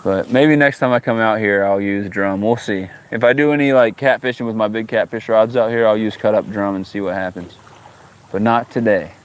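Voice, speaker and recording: A man's voice: fairly low pitch, fairly quick, few pauses, smooth. A man hosting a fishing livestream outdoors, chatting casually with viewers and joking in exasperation at the fish. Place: outdoors by the water.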